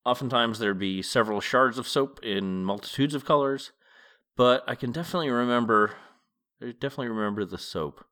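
Speaking fairly quickly at a medium pitch, a man reads a novel aloud page by page on his podcast. After each page he offers easygoing, chatty reflections on what he read.

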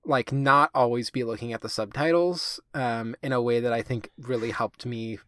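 A man's voice: medium pitch, steady tone, moderate pace, fairly bright tone, dry recording. Podcast guy rambling along, like every other word, swears a bit, dead dry mic. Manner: rambling, filler-heavy, swears casually. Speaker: podcast co-host. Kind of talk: casual chat.

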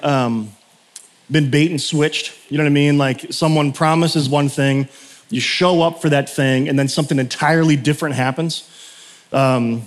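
A man in his thirties, a pastor giving a casual, conversational sermon, telling stories with many fillers and frequent laughs. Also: mid-range voice. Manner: chatty, storytelling, laughs often, lots of fillers. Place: church sanctuary. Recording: long hall reverb.

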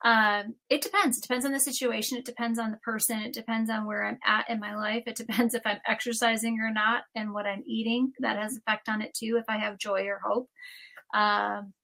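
A woman co-hosting a casual faith-based podcast chat, animated and prone to repeating phrases, laughing often. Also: a little high, fairly quick, creaky. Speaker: podcast co-host.

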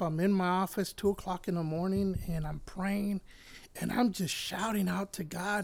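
A man's voice: sits high, measured pace, creaky, a bit bright. A middle-aged man from Puerto Rico, a church elder and pastor, telling his personal faith testimony in an earnest, heartfelt way that turns emotional at moments.

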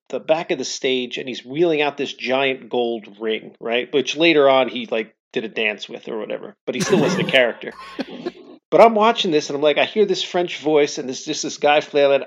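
A man co-hosting a podcast, telling an animated story in casual chat and laughing often. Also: medium pitch, lo-fi sound. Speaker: podcast co-host.

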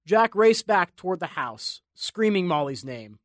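A man narrating an audiobook in a measured, dramatic storytelling manner. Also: sits high, very animated, no echo, clean studio sound. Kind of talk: scripted narration.

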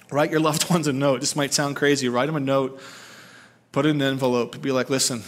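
A man's voice: medium pitch, a bit bright. A man in his forties preaching a sermon as pastor at a church service, talking earnestly to the congregation and building to fervent emphasis.

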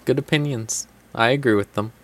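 Fast-talking man in casual chat. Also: medium pitch. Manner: quick, offhand, joking. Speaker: podcast co-host.

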